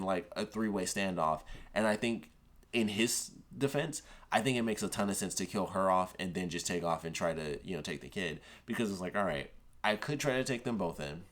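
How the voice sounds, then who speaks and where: A man giving a casual, rambling spoken review of a TV episode, full of "like" and "of course.". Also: sits low.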